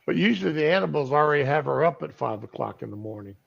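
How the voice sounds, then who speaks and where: Casual streamer guy, gravelly voice, rambling delivery, lo-fi audio. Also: on the high side, lively intonation, fast talker, a bit bright. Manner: rambling, with fillers. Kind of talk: casual chat.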